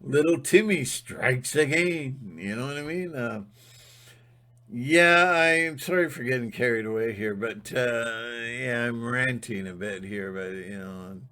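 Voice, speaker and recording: A man ranting to camera in an emphatic, fired-up monologue, sometimes breaking into a shout. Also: mid-range voice, unhurried. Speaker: channel host.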